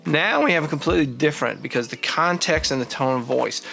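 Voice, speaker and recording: A man's voice: on the high side, fast talker, gravelly, sharp tone, faint music behind. A man in his forties hosting his own vlog, talking casually and thinking aloud with frequent restarts. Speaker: vlog host. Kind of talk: casual talking-head monologue.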